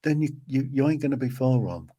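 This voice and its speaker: A man's voice: mid-range voice, animated, a little fast, warm tone, slightly rough, no echo. A man hosting a podcast, speaking casually and offering brief, encouraging affirmations. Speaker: podcast host. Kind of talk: casual conversation.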